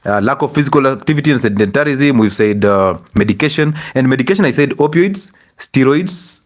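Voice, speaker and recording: Kenyan man lecturing on health, scolding. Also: mid-range voice. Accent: Kenyan English. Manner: scolding, rhetorical questions, animated. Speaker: doctor giving a health talk. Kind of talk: lively health lecture to an audience.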